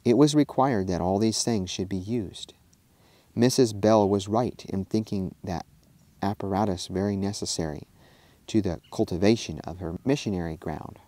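Male minister narrating a storybook, low pitch, dry close sound. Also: moderate pace, warm tone, no echo. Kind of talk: storybook read-aloud.

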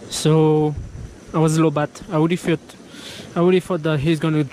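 Young guy filming himself on a trail w an action cam, blunt offhand chat, bit of swearing, voice sits a touch high, faint noise behind. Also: little pitch movement, normal speed, dark tone, poor audio. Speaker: travel vlogger. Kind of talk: casual vlog commentary. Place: outdoors on hiking trails and in caves. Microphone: action camera.

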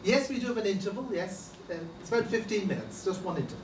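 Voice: medium pitch, very animated, fast talker, lightly acted. A stage performer playing a chatty, fussy theatre box-office attendant who stammers through false starts, in a live sketch. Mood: flustered. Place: village hall stage. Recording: echoey hall miked from far, audience noise.

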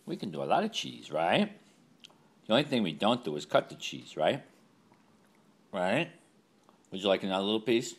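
A man's voice: low-pitched, very animated, normal speed, pauses often, husky. Man cooing sing-song at his dog. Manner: coaxing sing-song baby talk to a dog. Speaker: dog owner. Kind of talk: casual talk to a pet.

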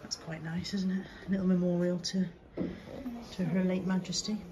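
A woman's voice: on the low side, flat delivery, moderate pace, noisy background. A middle-aged woman, chatting casually and mocking herself as she talks to the camera in a vlog. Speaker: vlogger.

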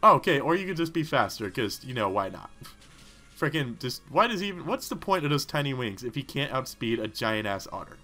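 A man rattling off excitable gaming commentary, his voice jumping up and down in pitch with a bright, forceful edge. He rambles and talks back at the characters as he plays. Faint game music hums underneath. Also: a little fast. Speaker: let's play host.

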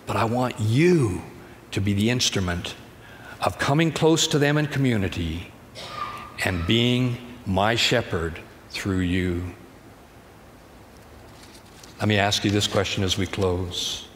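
A man's voice: lowish voice, slow, long pauses, a little hiss or hum. A man pastor preaching a sermon in a conversational, storytelling manner, recorded in a church sanctuary. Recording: church hall reverb, faint ambience.

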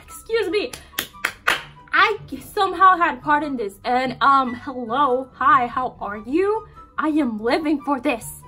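A woman's voice: high voice, sharp tone. Gushing, squealing young woman. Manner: gushing, squealing, drawn-out exclamations. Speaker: video reaction host. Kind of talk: excited casual reaction commentary.

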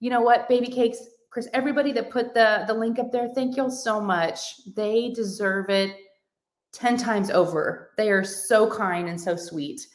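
A woman hosting a casual crafting livestream from home, reading comments aloud in a gushing, excitable way. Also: on the high side, normal speed. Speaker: livestream host of a crafting channel.

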